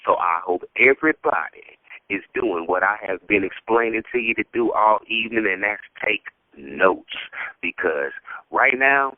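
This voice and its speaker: A man with a low voice hosts a radio talk show, pushing his points with hype and repeated words. The sound is tinny and narrow like a phone line, dry with no room around it. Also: expressive, moderate pace, no echo. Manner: emphatic, repeats words when stressing.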